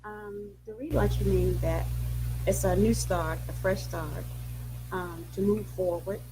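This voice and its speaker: A soft-spoken woman giving a hesitant testimony on a call, pausing often with many ums. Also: medium pitch, steady tone, noisy background.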